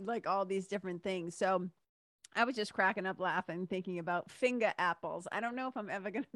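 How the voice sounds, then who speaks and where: A woman's voice: mid-range voice, fairly bright tone, no echo, clean studio sound. A woman hosting her own podcast, talking in a chatty, enthusiastic way and laughing often. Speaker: podcast host. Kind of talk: casual solo podcast monologue.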